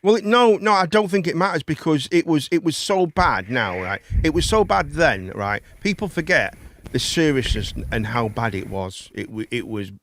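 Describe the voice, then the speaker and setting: A man's voice: a little high, animated, normal speed, fairly bright tone, a little hiss or hum. A man, hosting a live chat and phone-in show, rambling and swearing casually. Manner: rambling, chatty, swears casually, calls people mate.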